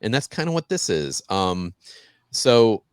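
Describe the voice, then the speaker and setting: Deep-voiced man, hesitant and casual. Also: big pitch swings, unhurried, clean tone, no echo, studio quality. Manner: hesitant, many restarts and fillers. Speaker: podcast co-host. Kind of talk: casual podcast chat.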